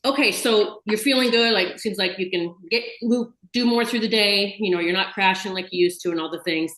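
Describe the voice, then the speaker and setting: A chatty, enthusiastic woman hosts a relaxed video call interview and talks in long, run-on bursts. Her voice sits at a middle pitch. Her voice rings around a roomy, echoey room. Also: a little fast. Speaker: host. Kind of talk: casual video chat interview.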